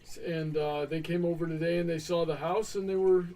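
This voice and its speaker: A man's voice: on the high side, steady tone, brisk, warm tone, recorded from a distance, a little hiss or hum, low-quality recording. A young man co-hosting a livestream, laid-back, answering viewer questions and chatting about his week. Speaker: stream co-host. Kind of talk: casual chat on a livestream.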